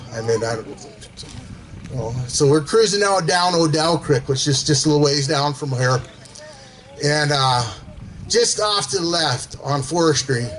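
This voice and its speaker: A man's voice: fairly high pitch, fairly bright tone, poor audio. A man telling casual stories to a gathering, rambling with fillers and chuckling as he goes. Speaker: storyteller at a gathering. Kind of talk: casual storytelling.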